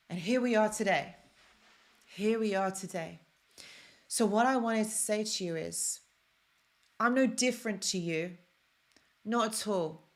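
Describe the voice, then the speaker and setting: A woman talks straight to her viewers in a live-stream motivational talk. She is earnest and emotional and circles back over key phrases to press them home. Her pitch sits in the middle for a woman. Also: fairly bright tone. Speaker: self-help host.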